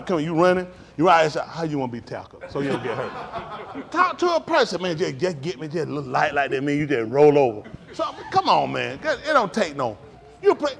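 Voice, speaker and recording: A man giving a casual talk to a congregation, blunt and joking, acting out plays as he talks. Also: high voice. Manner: blunt, ranting. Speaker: speaker addressing a congregation.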